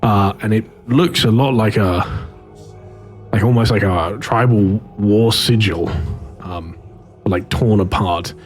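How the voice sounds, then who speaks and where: A man's voice: fairly low pitch, slow, faint music behind. A man running a tabletop role-playing game as game master, narrating in a hesitant way with many fillers and restarts.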